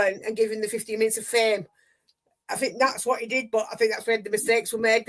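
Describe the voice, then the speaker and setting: A woman's voice: a little high, fairly bright tone. A woman from Yorkshire with a Yorkshire accent, rambling through her opinions in casual chat as a co-host. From Yorkshire, England. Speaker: podcast co-host.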